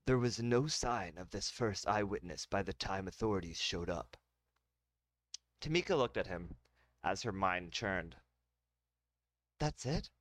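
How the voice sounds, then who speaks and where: Man narrating his own sci-fi serial, laid-back, tossing in little asides, low voice, dry. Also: expressive, unhurried, a bit bright, no room sound. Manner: casual, with joking asides and restarts. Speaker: narrator of an audio drama. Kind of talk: reading a self-made sci-fi serial aloud.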